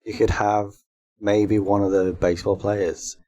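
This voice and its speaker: Man, co-host, lowish voice, casual chat, giggly, pitching daft ideas. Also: flat delivery, unhurried, dark tone. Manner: pitches silly comedy film ideas, laughs often. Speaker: podcast co-host.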